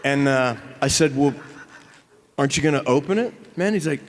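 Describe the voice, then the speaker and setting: A middle-aged man telling a story on a convention stage, animated and profane, acting out both sides of the exchange. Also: mid-range voice, moderate pace. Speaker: convention panel guest. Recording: hall reverb from a convention stage.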